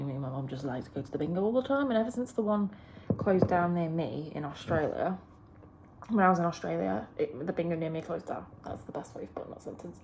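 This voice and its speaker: A woman with a lowish voice rambles to camera in a hotel room. Her talk is casual and meandering, full of fillers and restarts. A faint background hiss sits under her voice. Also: vocal fry. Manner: rambling, chatty, lots of "like" fillers. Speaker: vlogger.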